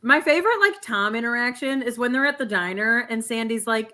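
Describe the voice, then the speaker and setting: A woman co-hosting a casual movie chat, talking in quick playful bursts full of "like". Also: a little high, bright, forceful tone. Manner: chatty, lots of "like", playful. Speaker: podcast co-host.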